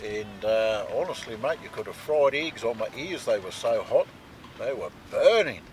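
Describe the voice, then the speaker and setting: A man's voice: medium pitch, animated, normal speed. A man with a New Zealand accent chatting casually outdoors at a campsite for a vlog, dropping "mate" and "eh" as he shows off his gear. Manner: chatty, peppers talk with "mate" and "eh". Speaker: vlog co-host.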